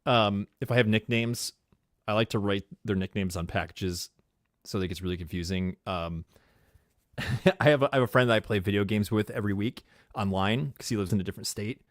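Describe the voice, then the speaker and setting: A man with a New York accent co-hosting a casual live-streamed podcast, excitable and rambling, laughing often. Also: on the low side, a little fast, dry recording, clean studio sound. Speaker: podcast co-host.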